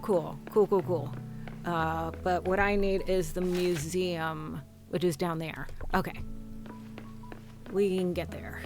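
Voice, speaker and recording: A woman's voice: on the low side, steady tone, takes it slowly, over music. A woman streamer giving casual gameplay commentary, chatting and reading game dialogue aloud.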